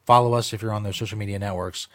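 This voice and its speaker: A man's voice: on the low side, fairly even intonation, rapid-fire, dry recording. Field: radio talk. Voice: loose, profane male show host. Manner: loose, profane, plugging links. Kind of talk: casual radio show hosting.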